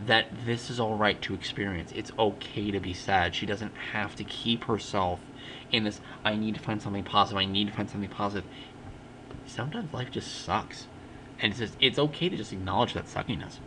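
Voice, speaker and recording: A man's voice: mid-range voice, bright, forceful tone, slight background noise, rough recording. A young man giving a casual spoken film review, rambling and often restarting or correcting himself mid-sentence.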